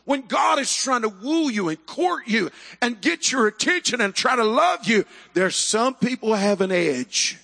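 Male preacher, high and bright, fervent, bursts into shouts; big echoing hall. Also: sing-song, a little slow, creaky, few pauses. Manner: fervent, swings into shouted emphasis. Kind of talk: sermon. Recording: echoey hall.

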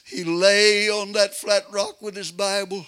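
Older preacher, high bright tenor, slow folksy build to shouts. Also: male voice, flat delivery, smooth, faint music behind. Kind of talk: fiery revival sermon.

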